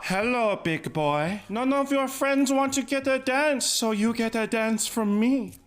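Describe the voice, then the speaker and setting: A man's voice: very high-pitched, measured pace, a little hiss or hum, voice pushed up. A man putting on the voice of an irritated, brash adult female stripper while retelling a story. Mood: teasing. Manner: loud, brash shouting.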